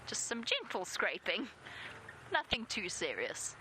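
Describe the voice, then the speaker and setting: A woman's voice: mid-range voice, huge pitch swings, unhurried, noisy background. A South African woman giving live safari commentary from an open vehicle outdoors, chatty and self-deprecating. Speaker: safari guide.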